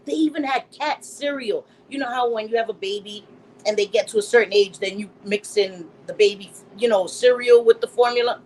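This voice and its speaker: A middle-aged woman hosting a casual live stream, reading chat comments aloud and telling stories in an animated way, laughing often. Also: on the high side, fairly quick, slight background noise, rough recording. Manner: animated storytelling, laughs often, acts out quotes.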